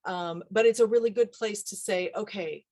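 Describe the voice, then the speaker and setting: Woman dialect coach, guest in an interview, lively and chatty, slips into quoted voices, mid pitch. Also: normal speed. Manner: animated, acts out quoted voices, laughs often. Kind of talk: casual interview talk.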